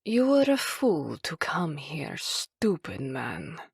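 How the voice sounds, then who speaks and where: A menacing female sniper with a Kurdish accent, purring her threats very slowly in a husky, gravelly half-whisper. She sounds cruel and seductive, and her voice sits low for a woman. The audiobook recording is dry and close. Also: wildly swooping pitch, no room sound, exaggerated voice. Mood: menacing taunt. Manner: slow, breathy, half-whispered taunting. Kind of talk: audiobook character voice.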